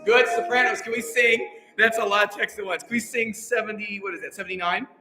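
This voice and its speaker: A man's voice: high-pitched, steady tone, fast. A man directing a choir rehearsal, coaching German diction, counting in, and encouraging the singers. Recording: echoey hall, piano in background.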